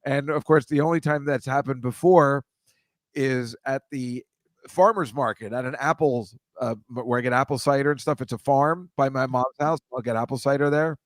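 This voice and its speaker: A man's voice: medium pitch, normal speed, no echo, clean studio sound. Rambling older New man. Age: over 65. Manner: rambling, self-deprecating, laughs at own stories. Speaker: podcast co-host. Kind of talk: casual chat.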